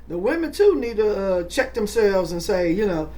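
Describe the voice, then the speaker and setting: A woman, hosting a podcast in casual, animated chat and acting out voices. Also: mid-range voice, moderate pace. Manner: animated, exclaims and acts out voices. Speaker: podcast host.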